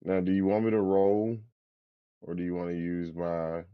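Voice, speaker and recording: A man's voice: low voice, steady tone, normal speed, smooth, no echo, phone-quality sound. A man playing in a tabletop game, laid-back, counting dice aloud. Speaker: player. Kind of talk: casual game chat.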